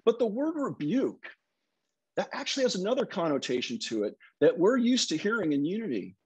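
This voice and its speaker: A middle-aged male minister preaching in a relaxed, storytelling way. His voice is husky and fairly high for a man, and its pitch swings widely as he talks. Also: a little fast. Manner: conversational storytelling. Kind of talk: sermon.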